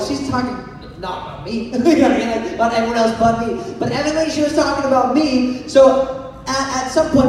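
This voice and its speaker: A young man leads a youth sermon, playful and full of jokes, regularly asking his audience to raise their hands. His voice sits fairly high with a mellow tone. He is recorded from a distance in a large hall with a long, echoing reverb and faint background noise. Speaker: youth pastor. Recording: echoey hall recorded from far off.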